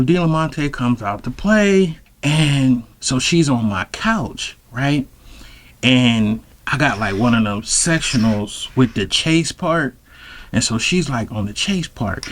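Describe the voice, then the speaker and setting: A man telling a comic personal story in a loose, rambling, slang-heavy way, often turning to address his listeners directly. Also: medium pitch. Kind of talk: comedic storytelling.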